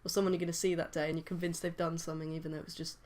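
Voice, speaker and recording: A woman's voice: low voice, level tone, racing, background noise. A woman co-hosting a podcast, chatting playfully with two friends. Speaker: podcast co-host. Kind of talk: casual chat.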